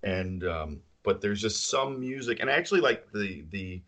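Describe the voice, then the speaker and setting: Podcast co-host, man with a lowish voice, loose and opinionated, quick to laugh. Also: expressive, a bit bright. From central New York. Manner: laughs often, rambling and opinionated. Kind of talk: casual chat.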